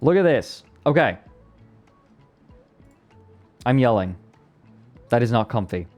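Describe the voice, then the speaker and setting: Excitable man chatting on stream. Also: medium pitch, faint music behind. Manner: excitable, repeats words in rapid bursts. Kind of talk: casual live-stream chat.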